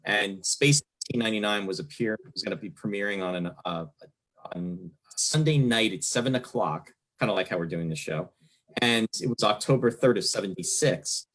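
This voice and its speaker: A man's voice: fairly low pitch, fairly quick, fairly bright tone, low-quality recording. A man in his fifties from New Jersey hosting an interview, talking in a rambling, enthusiastic way as a longtime fan, with lots of fillers. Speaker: podcast host. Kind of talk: casual interview chat.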